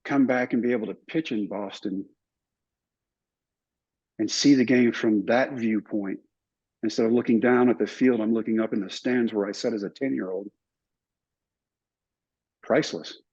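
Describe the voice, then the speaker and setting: An older man telling stories in an interview, animated and acting out other people's lines. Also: fairly low pitch, moderate pace, long pauses, slightly rough. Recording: somewhat dull, muffled recording.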